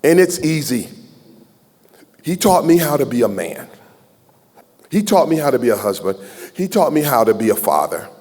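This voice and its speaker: A man's voice: mid-range voice, very animated, moderate pace, long pauses, a little mellow, slightly rough. Heartfelt man speaking in a reverberant hall. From Southern United States. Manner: heartfelt, folksy and joking, pours his heart out. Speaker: keynote speaker. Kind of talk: emotional speech at a gala, taking audience questions. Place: large banquet hall. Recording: long hall reverb from a ballroom PA.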